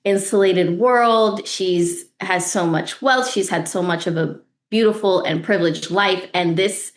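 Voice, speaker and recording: A woman, an actress guest on a podcast interview, talking in an earnest, reflective way that turns animated when she retells a story. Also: fairly low pitch, measured pace. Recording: roomy echo.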